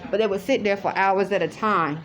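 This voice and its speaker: A woman's voice: medium pitch, brisk. A woman talking casually to the camera in a rambling, repetitive way, with many restarts. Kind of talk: casual spoken monologue. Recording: loud crowd chatter behind.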